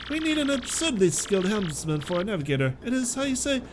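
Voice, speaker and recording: A man's voice: high voice, sing-song, quick pace, noisy background. A man voicing a pompous, flamboyant merchant sailor in a vague, made-up foreign accent, reading game dialogue over music. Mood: boastful. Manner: grandiose, theatrical, vague foreign-sounding accent.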